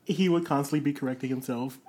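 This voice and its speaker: A woman's voice: rumbling low, fast talker, darkish tone. A woman in casual group chat, giggly and blunt, swearing freely.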